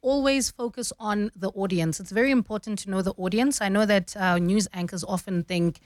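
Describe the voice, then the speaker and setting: A woman's voice: medium pitch, a little fast, darkish tone, no echo, studio quality. A woman, a radio news anchor explaining her craft in an easy, explanatory way. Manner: explanatory, uses "you know" often. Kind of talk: studio radio conversation. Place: radio studio.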